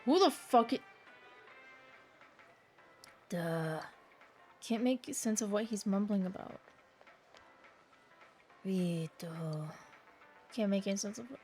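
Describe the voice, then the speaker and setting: A woman's voice: mid-range voice, slow pace, pauses often, mellow, faint music behind. A woman streaming a game live, chatting casually, swearing freely and reading the on-screen text aloud.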